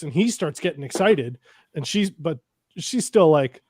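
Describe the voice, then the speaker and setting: A man with a slightly high voice chats loosely about an episode, swearing often and slipping into quoted lines. The sound is dry and close, with no room around it. He wanders through his points with many restarts. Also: unhurried, a little mellow, dry recording. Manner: rambling, swears freely, acts out quotes. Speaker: podcast co-host. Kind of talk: casual chat reviewing a TV episode.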